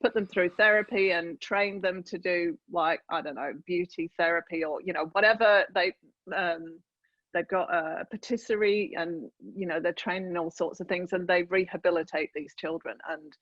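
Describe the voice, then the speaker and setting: A woman in her fifties from northern England, chatting as a podcast guest over a remote call, lively and full of restarts. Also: lowish voice, normal speed, no echo, highs cut off. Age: 50s. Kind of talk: casual interview chat.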